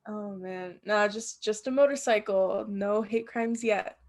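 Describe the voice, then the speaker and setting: A woman's voice: medium pitch, fairly even intonation, unhurried, a little mellow. A young woman co-hosting a casual podcast, making dry joking asides. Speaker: podcast co-host. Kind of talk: casual chat.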